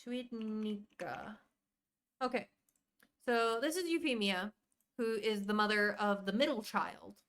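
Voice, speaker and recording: A woman's voice: medium pitch, normal speed, fairly bright tone. A woman live streaming as she plays a game, chatting casually, rambling through details and greeting viewers by name. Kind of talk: casual live-stream chat while playing.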